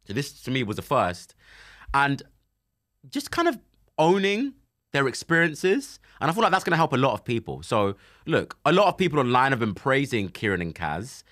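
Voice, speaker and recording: A man in his twenties hosting a casual chat show, lively and laughing easily, and softer when he speaks of personal loss. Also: medium pitch. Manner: animated, laughs easily, turns soft and emotional when talking about grief. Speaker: podcast host. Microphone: studio microphone.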